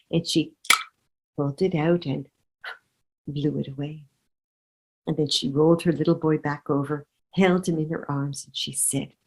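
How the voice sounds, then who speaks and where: A woman storyteller narrating a children's story with an expressive, drawn-out delivery. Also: low-pitched, poor audio.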